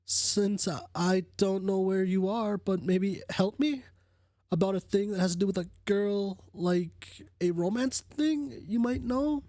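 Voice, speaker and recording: A man reading aloud as a hesitant young man who asks for romance advice, slow and halting. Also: high voice, mellow, dry recording, studio quality, voice pushed up. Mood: pleading.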